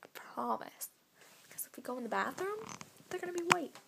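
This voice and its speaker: A teenage girl vlogging at home into her camera's built-in mic, chatty and full of fillers, drawing her phrases out slowly. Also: high-pitched, animated, vocal fry, very noisy. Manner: chatty, filler-heavy, drawn-out slow phrasing. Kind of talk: casual vlog, teaching basic Spanish phrases. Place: home, indoors.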